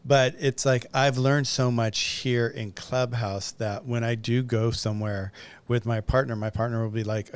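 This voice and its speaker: A man hosting an interview, chatting casually with animated asides. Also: medium pitch, unhurried, smooth. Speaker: host.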